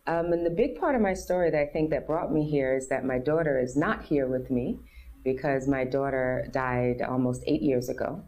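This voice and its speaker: New lady, 50s, low voice, earnest and open, telling her story in an interview. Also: moderate pace, darkish tone. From New York City. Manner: earnest, open, acts out others' voices in quotes. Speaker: guest.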